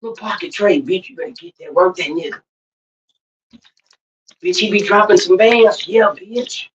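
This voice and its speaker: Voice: mid-range voice, moderate pace, slight background noise, lightly acted. A livestream host mimicking brash gossiping friends who crudely egg someone on. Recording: roomy, distant, dull lo-fi sound.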